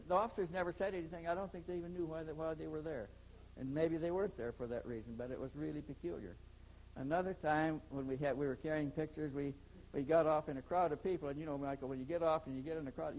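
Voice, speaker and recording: A man's voice: a little high, darkish tone, slight background noise, rough recording. An older man, an interview guest, telling a long story in a rambling way, repeating words and acting out the dialogue.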